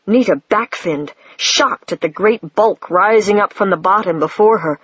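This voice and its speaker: An audiobook reader narrating a story in a measured, plain way. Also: medium pitch, fairly bright tone, breathy edge, no echo, highs cut off. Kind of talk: scripted narration.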